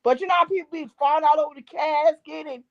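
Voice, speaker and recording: A fast-talking middle-aged woman with a somewhat high voice, a gospel singer and drummer, is the guest in a casual interview about her faith. Her testimony is emphatic and preachy, full of repeated key phrases, over a dull, dry lo-fi line.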